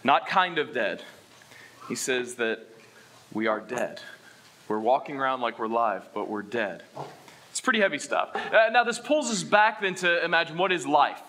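A man preaching a sermon as pastor, asking the congregation questions and swinging between loud emphasis and hushed statements. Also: mid-range voice, sing-song, normal speed, a little hiss or hum.

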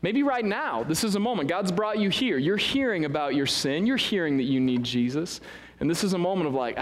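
A man's voice: high voice, lively intonation, a little fast. A man preaching a sermon as pastor, in a conversational way with frequent "right?" asides. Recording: long reverb of a large hall.

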